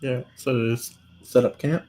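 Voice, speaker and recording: A man playing in an online tabletop game, with quick, joking retorts. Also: mid-range voice, fairly even intonation, warm tone. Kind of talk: casual table talk.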